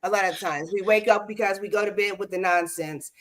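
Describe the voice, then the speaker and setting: A woman's voice: mid-range voice, brisk, fairly bright tone. Woman host, casual livestream chat, speaks straight to her viewers. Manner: addresses viewers directly, keeps asking "okay?".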